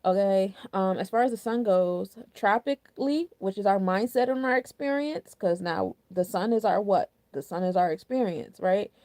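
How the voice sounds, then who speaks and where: A woman's voice: mid-range voice, moderate pace, few pauses, dark tone, no room sound. A young woman hosting a casual astrology and numerology forecast, chatty and candid, full of loose slang and filler words. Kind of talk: casual spiritual forecast talk.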